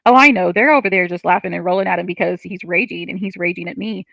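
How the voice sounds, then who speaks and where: A woman's voice: fairly low pitch, fast talker, creaky, a bit bright, dry recording. A woman on a livestream, reading chat comments and ranting in frustration, swearing often.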